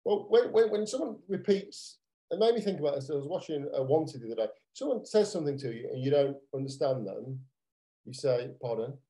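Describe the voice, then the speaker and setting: This British man, co-hosting a podcast, talks in a loose, rambling way, full of fillers and false starts. His voice is a little high and expressive yet dark in tone, delivered fairly quickly. Recording quality is low.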